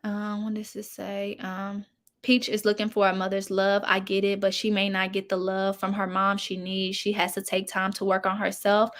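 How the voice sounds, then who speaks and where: Young woman, casual YouTube commentary chat, frank and chatty, mid-range pitch. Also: completely flat delivery, moderate pace, a bit bright. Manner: chatty, frank, speaks straight to her viewers.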